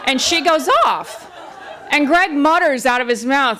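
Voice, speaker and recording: A woman performing a comic personal story on stage, wry and animated. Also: high voice, unhurried, a faint crowd, slight background noise.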